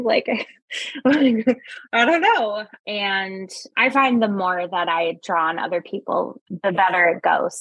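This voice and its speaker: A woman speaking as a guest on a podcast, chatting casually as a speech-language pathologist and acting out little quotes with sudden jumps in pitch. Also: a bit bright, dry recording, poor audio.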